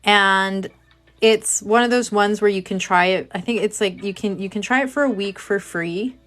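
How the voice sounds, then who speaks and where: A woman's voice: mid-range voice, normal speed, fairly bright tone. A woman chatting casually with her livestream viewers while she works on a craft project, joking at her own expense. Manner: chatty, self-mocking, talks to chat viewers. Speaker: livestream host.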